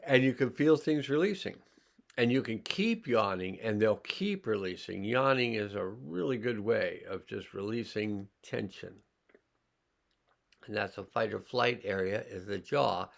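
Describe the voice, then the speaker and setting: A man teaching a healing class, slowly and calmly talking listeners through sensing their body and emotions. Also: fairly low pitch, vocal fry. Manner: slow, calm, pausing, guiding listeners' awareness. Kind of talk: slow guided healing demonstration.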